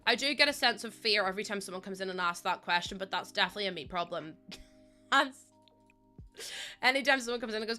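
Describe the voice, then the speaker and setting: A young woman live streaming, thinking aloud as she builds and warmly thanking viewers by name. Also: on the high side, big pitch swings, a little fast, pauses often, soft background music. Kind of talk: casual live-stream chat while building in a game.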